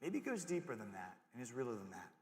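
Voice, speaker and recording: A young man giving a jokey, animated chapel sermon to middle schoolers, often acting out voices as he goes. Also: medium pitch, fast. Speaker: youth pastor. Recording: echoey hall with long reverb.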